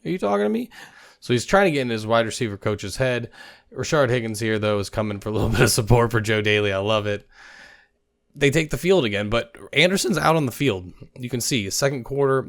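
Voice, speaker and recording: A man's voice: on the low side, fairly bright tone, smooth. A man hosting a football video, chatting casually over game clips and laughing now and then as he guesses what players said. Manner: chatty, laughs while narrating, guesses at quoted lines.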